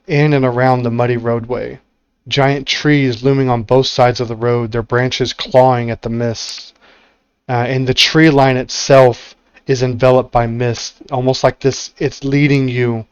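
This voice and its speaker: A man's voice: mid-range voice, smooth, dry recording, lo-fi sound. Man game master with dry sound. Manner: descriptive, with filler pauses. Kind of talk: narrating a tabletop game.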